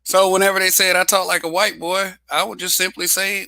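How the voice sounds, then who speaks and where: A man's voice: sits high, little pitch movement, fairly quick, creaky, bright, forceful tone. A man hosting a casual livestream monologue, blunt and profane, laughing often. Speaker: show host.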